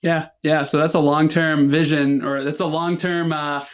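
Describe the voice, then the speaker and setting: A man's voice: fairly high pitch, level tone, normal speed. A man hosting a podcast interview, asking long, rambling questions full of fillers. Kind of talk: casual interview.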